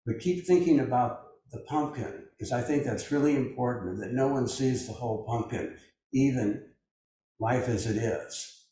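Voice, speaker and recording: A man's voice: medium pitch, normal speed, dark tone, a little hiss or hum. Older man musing in an echoey room. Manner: musing, loose, with frequent fillers. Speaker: meditation group leader. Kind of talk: teaching a group on a video call. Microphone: video call. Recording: very echoey room, distant mic.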